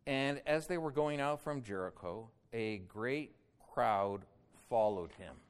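Guy preaching a bible sermon, mid pitch, gets loud then drops quiet. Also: smooth. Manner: rises loud on quoted cries, drops low and slow on solemn points. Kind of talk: expository sermon.

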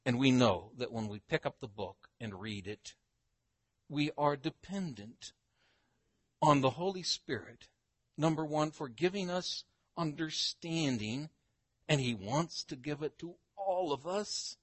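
An older man preaching a Bible-teaching sermon, emphatic, slowing down to read scripture aloud. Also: medium pitch, expressive, a bit bright, breathy edge, no room sound.

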